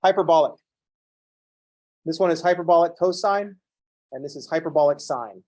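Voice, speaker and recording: A man teaching a calculus class who lectures in an animated, playfully ranting way. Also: a little high, normal speed. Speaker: calculus instructor.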